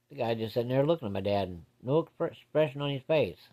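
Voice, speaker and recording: Guy telling a true ghost story, folksy and blunt, cusses casually, middle-pitched voice. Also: lively intonation, quick pace, muffled recording. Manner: folksy, plain-spoken with casual swearing.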